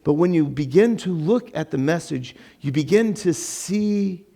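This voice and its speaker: A man preaching to his congregation in a relaxed, talky way, his voice sitting a bit high for a man and leaping much higher whenever he acts out someone's words. He fills his sermon with "right?" and "like," and sounds like he is talking with the room rather than reading to it. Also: measured pace, creaky. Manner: animated, acts out quotes with sudden rises in pitch. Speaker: pastor. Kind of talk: conversational sermon. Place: church.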